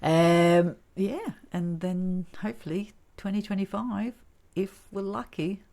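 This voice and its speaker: A woman's voice: medium pitch, slow, gravelly, dark tone. A chatty woman co-hosting a podcast, laughing easily and talking over her co-host in casual chat.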